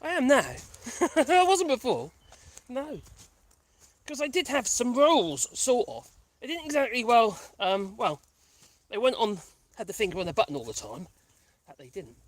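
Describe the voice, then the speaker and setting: A woman's voice: on the high side, sing-song, normal speed, pauses often. A woman vlogging casually on a country path, rambling and chatty while out of breath. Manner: rambling, chatty, laughs often. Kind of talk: casual chat while walking.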